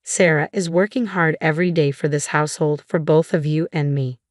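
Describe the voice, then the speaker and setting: A woman voicing a kind, frail elderly mother-in-law who speaks gently, read in a low, dry storytelling voice. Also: steady tone, a little fast, dry recording, lightly acted. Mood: stern. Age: older. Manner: gentle, stern when roused.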